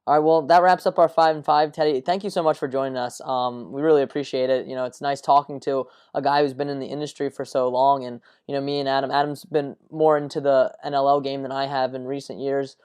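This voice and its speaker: A man's voice: medium pitch, level tone, fast talker, hardly any pauses, darkish tone, clear, resonant tone. A man hosting a sports podcast, asking questions in a friendly way with lots of fillers. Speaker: podcast host. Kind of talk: casual interview chat.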